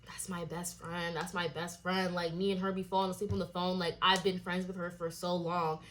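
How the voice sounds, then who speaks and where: A young woman quoting her ex-boyfriend in a lower, flatter voice as he insists on his friendship. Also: normal speed, slight background noise, close to an everyday voice. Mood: defensive. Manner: flat, insistent, repeats himself.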